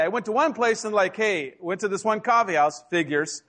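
A man with a high, light voice delivers a sermon from a church pulpit. He preaches casually, mixing warnings with jokes and little acted-out exchanges. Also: fairly quick, a bit bright. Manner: humorous, conversational preaching with acted asides. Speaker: pastor. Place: church sanctuary.

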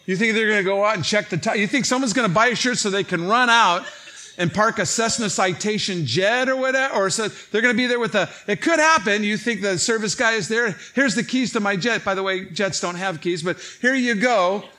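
High, bright-voiced joking pastor. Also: male voice, fairly quick. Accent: Chicago. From Illinois. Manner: animated, joking, acts out quoted dialogue. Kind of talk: storytelling sermon. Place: church stage before a congregation.

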